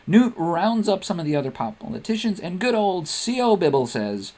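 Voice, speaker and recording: A man hosting and narrating a comedic story in a playful, animated way. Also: high-pitched, normal speed, few pauses. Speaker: host and narrator.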